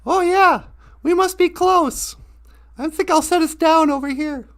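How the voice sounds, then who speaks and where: A woman's voice: very high-pitched, measured pace. A woman voicing a self-mocking, chatty male eagle spirit who acts as a messenger for prayers. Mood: wry.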